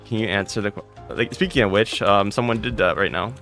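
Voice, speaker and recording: A man's voice: on the low side, fairly quick, a bit bright, faint music behind. A man streaming a game live, greeting chat viewers by name one after another and answering their questions with blunt, sarcastic asides.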